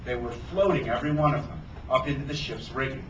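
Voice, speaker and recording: A man, an author, reading a children's adventure novel aloud at a bookstore event with animated storytelling. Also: mid-range voice, quick pace, lo-fi sound, slight background noise. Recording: roomy sound from a distance.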